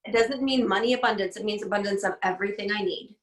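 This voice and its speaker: A woman's voice: mid-range voice, fast talker. A woman in her forties, a guest on a video call interview, talking in an upbeat, chatty way and laughing often. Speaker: guest, speech pathologist. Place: home room. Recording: roomy home video call audio.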